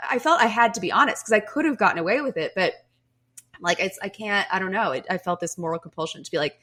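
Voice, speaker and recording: A woman's voice: medium pitch, lively intonation, fairly quick, pushed and bright. A woman hosting a podcast, telling candid stories in casual chat with frequent laughs. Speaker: podcast host.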